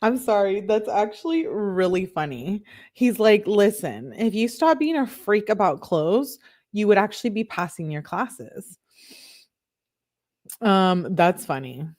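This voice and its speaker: A woman's voice: medium pitch, very animated, measured pace, a little mellow. A young adult woman casually reading out text messages and adding incredulous comments, as a true crime commentator. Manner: reads texts aloud with incredulous asides.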